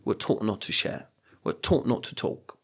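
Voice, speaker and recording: A middle-aged man with a British accent, talking earnestly on a podcast and telling stories with emphatic repetitions. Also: moderate pace. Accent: British English. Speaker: podcast guest. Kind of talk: reflective podcast conversation.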